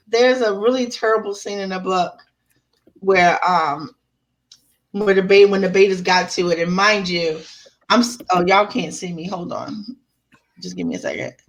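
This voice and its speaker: A woman's voice: medium pitch, fairly bright tone. A woman author in casual group chat on a video call, animatedly telling profane stories and acting out her readers' reactions.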